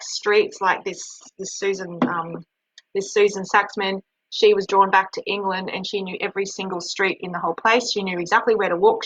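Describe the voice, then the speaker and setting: A woman's voice: medium pitch, a bit bright, dry recording, muffled recording. A woman hosting a webinar, talking casually and rambling with many restarts. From Australia. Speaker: webinar host and healer.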